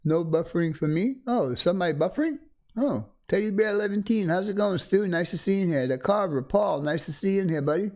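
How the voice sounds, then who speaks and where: A man's voice: high voice, fast. Chatty man hosting a hobby livestream. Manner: chatty, greets viewers warmly by name, frequent chuckles. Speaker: livestream host. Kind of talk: casual live-stream chat. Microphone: desk condenser microphone.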